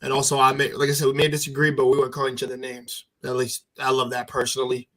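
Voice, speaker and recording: A man's voice: medium pitch, completely flat delivery, fast talker, sharp tone. A man on a podcast panel speaking bluntly and profanely, rambling through his points. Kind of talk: casual panel chat.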